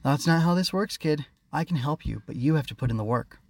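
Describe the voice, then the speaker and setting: A man voicing a small, brisk, chatty magical butterfly creature with high, quick, fussy chatter, for an audiobook. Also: animated, creaky, dry recording. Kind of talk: audiobook character reading.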